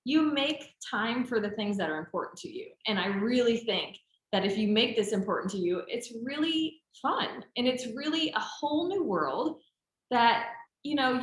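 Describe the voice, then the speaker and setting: A woman's voice: a little high, animated, moderate pace. A woman trainer chatting casually, talkative and encouraging as she answers team questions. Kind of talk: casual group chat. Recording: roomy echo.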